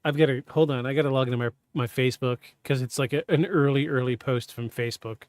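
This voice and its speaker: A man hosting a podcast, telling a personal story in a halting, candid, self-interrupting way. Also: mid-range voice, no echo. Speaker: podcast host. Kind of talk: casual storytelling.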